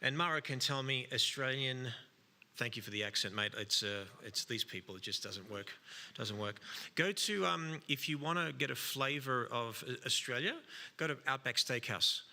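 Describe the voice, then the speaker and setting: Male panel moderator, very bright tone, playful banter, hall reverb. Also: medium pitch, moderate pace, vocal fry. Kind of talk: live event moderation.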